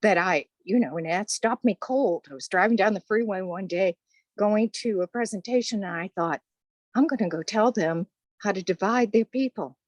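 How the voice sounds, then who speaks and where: A woman's voice: mid-range voice, normal speed, no echo. An older woman with a Boston accent, a course instructor chatting through interview answers. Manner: chatty, conversational.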